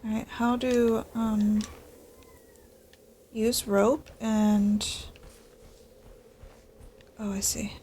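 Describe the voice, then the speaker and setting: A woman with a fairly high voice gives casual let's-play commentary, chatty and dryly sarcastic, at times dropping to a whisper. A clear layer of noise sits behind her voice. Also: little pitch movement, extremely slow, pauses often, mellow. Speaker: gaming streamer.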